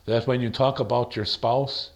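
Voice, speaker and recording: A man leading a Bible study, thinking aloud with rhetorical questions and slowing down to stress the verses he reads. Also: mid-range voice, steady tone, muffled recording. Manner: slows down to stress quoted verses. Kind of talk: conversational Bible teaching.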